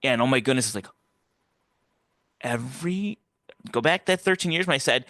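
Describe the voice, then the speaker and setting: Bright-voiced man telling a rambling story. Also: expressive, normal speed, pauses often, no room sound, studio quality. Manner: rambling, acts out quoted voices with big pitch jumps. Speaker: interview guest. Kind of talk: casual personal storytelling.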